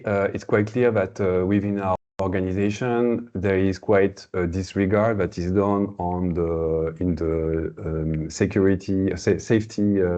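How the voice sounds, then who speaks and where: A very low-pitched man presents a webinar, his tone dark and mellow. He hesitates often, filling gaps with "uh" and restarting phrases. The audio is slightly dull and lo-fi, like a call over a computer mic. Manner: hesitant, many fillers and restarts. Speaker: webinar host.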